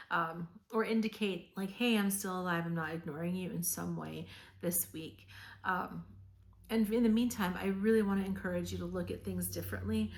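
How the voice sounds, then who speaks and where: A woman with a somewhat low voice talks her viewers through a weekly tarot reading. She sounds earnest and reassuring, meanders from thought to thought, and often pauses on "um" and "like". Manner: chatty and meandering, with frequent "um" and "like". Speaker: tarot reader. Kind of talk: casual tarot reading to camera.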